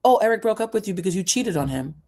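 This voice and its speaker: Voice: medium pitch, moderate pace, fairly bright tone, pitched above the performer's own voice, lightly acted. A vlogger putting on a mocking female talk show host who fires prying questions in a raised voice. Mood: taunting.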